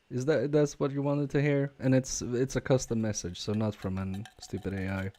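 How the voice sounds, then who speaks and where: A man casually chatting with viewers on a live stream while repairing a game controller, talking haltingly with fillers and restarts. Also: medium pitch, mellow. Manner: halting, many fillers and restarts, chuckling asides. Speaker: repair livestreamer.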